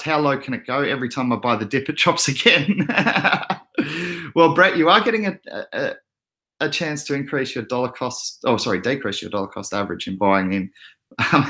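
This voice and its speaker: A man's voice: mid-range voice, brisk. Laid-back Australian man, chatty streamer. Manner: relaxed, chatty, laughs often, reads chat aloud. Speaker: crypto livestream host. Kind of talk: casual livestream chat.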